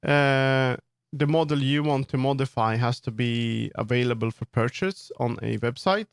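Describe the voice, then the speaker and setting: A man's voice: medium pitch, normal speed, creaky, clear, resonant tone, no room sound, studio quality. A man streaming live, answering his viewers' chat while he works on 3D models, firm and earnest when he sets limits. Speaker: livestreamer and 3D model customizer. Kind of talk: casual livestream chat, answering chat.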